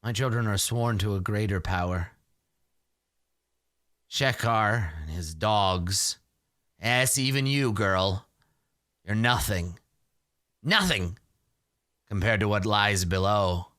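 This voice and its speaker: A man voicing an ancient blind village matriarch who taunts slowly and with menace. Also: on the low side, fairly bright tone, no room sound, clean studio sound, voice pushed down. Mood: ominous. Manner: taunting, slow and drawn out.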